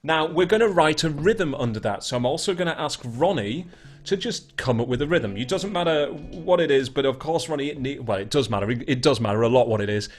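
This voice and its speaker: A man's voice: mid-range voice, animated, a little fast. A man teaching an online beginner guitar lesson in a chatty, explaining way. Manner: chatty, explains while scatting rhythms.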